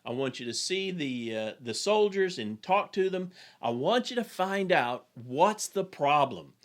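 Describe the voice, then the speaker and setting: A man voicing a demanding older male army general while retelling a film scene, speaking in a forceful, raised voice. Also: fairly high pitch, big pitch swings, measured pace. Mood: urgent.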